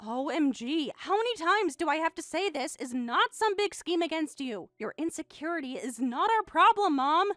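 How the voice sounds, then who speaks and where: A woman's voice: high voice, animated, moderate pace, few pauses, fairly bright tone, no room sound, studio quality, faint music behind. A woman voicing a bratty, defensive teenage daughter in a dramatized text-story reading, with a snippy, whiny way of talking. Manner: snippy, whiny, swings to frantic.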